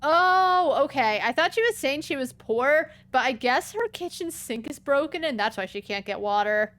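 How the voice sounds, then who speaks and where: Casting: woman streamer, chatty let's-play commentary, slightly high voice. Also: lively intonation, normal speed, fairly bright tone. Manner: chatty, musing aloud with many 'like's; reads game dialogue aloud. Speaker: game streamer.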